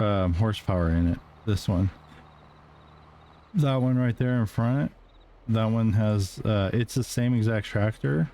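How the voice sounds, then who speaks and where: A man's voice: lowish voice, mellow, a little hiss or hum. A man streaming a farming game, talking casually with many ums and uhs as he plays. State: clearing throat, dusty room. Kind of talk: casual gameplay commentary.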